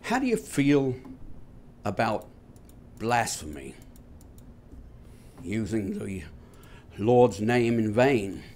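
A man hosting a talk show, speaking to viewers in a halting, unscripted monologue full of fillers with wry, sardonic asides. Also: mid-range voice, darkish tone. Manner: halting, many fillers and restarts. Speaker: host of a nonbeliever talk show.

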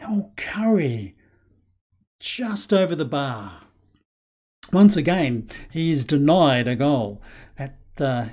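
A Scottish man giving casual, excitable play-by-play commentary over a football management game, with lots of fillers. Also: mid-range voice. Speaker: game channel host.

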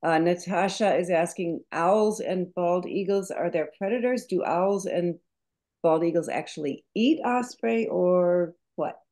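A woman moderating an online talk, briskly reading out audience questions. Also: lowish voice, dark tone. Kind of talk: webinar Q&A moderation.

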